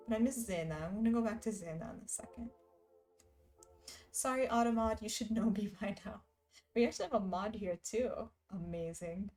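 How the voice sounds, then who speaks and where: A woman's voice: mid-range voice, creaky, a little mellow. A woman streamer talking casually with her chat, laughing often and reading messages aloud. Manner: giggly, chatty, reads chat aloud.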